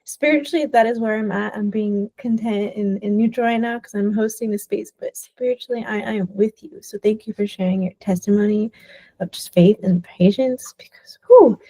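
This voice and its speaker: A woman's voice: medium pitch, steady tone, fairly quick, few pauses, mellow, dry recording, low-quality recording. A woman hosting a spiritual gathering, speaking in an affirming, declarative way that slips into whispers. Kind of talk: casual spiritual talk.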